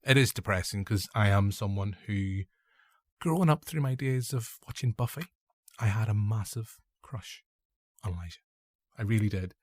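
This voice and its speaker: A Northern Irish man in his younger years chats through a film review, wandering between thoughts and correcting himself as he goes. His voice sits fairly low. It is recorded close and dry, with no room sound. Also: moderate pace, darkish tone, no echo. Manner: rambling, self-correcting, joking asides. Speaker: podcast host. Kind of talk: casual film review chat.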